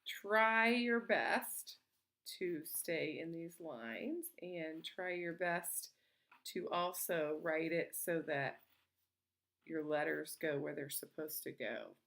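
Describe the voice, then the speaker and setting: A woman teacher giving a slow, patient and encouraging lesson to young children from home. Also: sits low, gravelly, fairly bright tone. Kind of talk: remote early-grade lesson.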